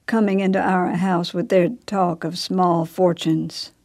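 A woman voicing a proud, sharp-tongued mother who speaks in a snapping, withering way. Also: fairly low pitch, level tone, measured pace, gravelly. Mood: bitter.

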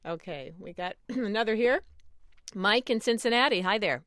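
A woman hosting a radio call-in show, brisk and friendly as she moves through callers. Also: medium pitch, expressive, a bit bright, dry recording, clean studio sound.

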